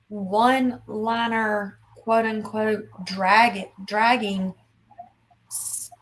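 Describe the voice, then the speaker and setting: Blunt, gravelly woman in her fifties. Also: medium pitch, a little hiss or hum, rough recording. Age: 50s. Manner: blunt, scolding, emphatic. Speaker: livestream host. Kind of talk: casual livestream chat.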